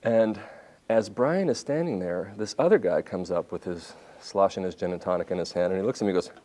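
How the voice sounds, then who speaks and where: A man in his fifties, a journalist giving a talk at a university, telling anecdotes in an animated way and often restarting his sentences. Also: deep voice, a little fast. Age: 50s. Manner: animated storytelling with restarts and self-corrections. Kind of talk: lecture with anecdotes. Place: university lecture hall.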